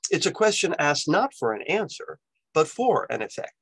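A man's voice: a little high, sing-song, normal speed, fairly bright tone, no echo, rough recording. A male university lecturer giving a recorded lecture in a conversational way, often ending points with "right?".

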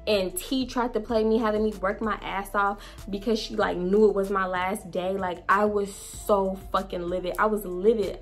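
A young woman vlogger telling a storytime tale in a blunt, profane, animated way, with faint music behind her. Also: mid-range voice, moderate pace, hardly any pauses. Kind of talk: storytime vlog.

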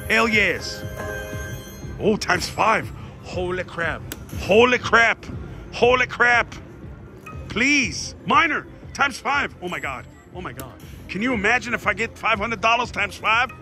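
A man in a casino, calling out his slot spins to viewers with excited shouts and groans. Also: sits high. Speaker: slot machine vlogger. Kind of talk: excited live slot commentary. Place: casino floor.

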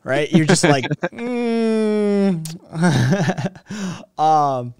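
A man's voice: mid-range voice, lively intonation, unhurried, no echo, studio quality. A man co-hosting a casual livestream chat, sarcastic and profane, reading chat messages aloud. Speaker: co-host.

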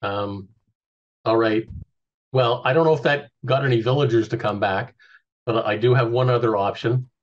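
Stammering male player on a dull mic. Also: medium pitch. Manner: halting, stammering restarts. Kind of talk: casual tabletop play chat.

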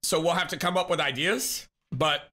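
A man's voice: on the high side, normal speed, bright, forceful tone, a little hiss or hum. A man live-streaming, chatting casually with viewers, reading chat, greeting people and laughing often in a teasing way.

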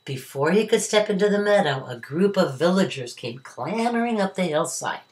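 A woman's voice: lowish voice, moderate pace, a little hiss or hum. An older woman, a retired teacher, reading a children's story aloud at home. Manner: warm, expressive reading to children.

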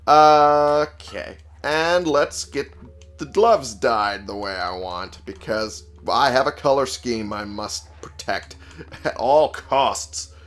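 A man's voice: medium pitch, fairly bright tone. Sarcastic, profane gamer guy. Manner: sarcastic, profane, talks back to game characters. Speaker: let's play gamer. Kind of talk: casual gameplay commentary.

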